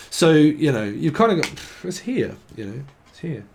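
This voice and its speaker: A man's voice: a little high, sing-song, a little slow, slight background noise. A man giving a casual tarot reading, rambling and swearing, laughing often and mimicking imagined people. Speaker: tarot reader.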